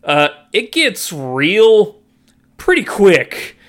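Dude on a movie podcast, kinda high voice, blunt and chatty. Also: male voice, very animated, extremely slow, fairly bright tone. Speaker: podcast co-host. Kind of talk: casual movie review chat.

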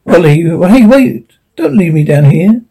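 A man's voice: high voice, very animated, unhurried, dark tone, husky, full character voice, rough recording. A man voicing an anxious young woman companion who asks worried questions.

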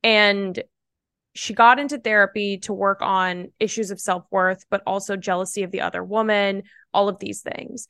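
A young adult woman, a podcast guest, telling a personal story in a chatty, animated way with lots of "like" fillers. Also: mid-range voice, normal speed, creaky, clear, resonant tone, no echo, clean studio sound. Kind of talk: casual storytelling.

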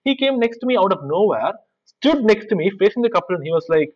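A man, an activist guest telling blunt, animated stories in a casual interview. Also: sits high, fast, muffled recording. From India.

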